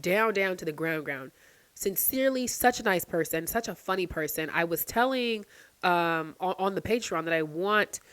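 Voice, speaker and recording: A woman vlogger in casual late-night chat to the camera, swearing freely and ranting with sudden loud outbursts. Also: fairly low pitch, no echo.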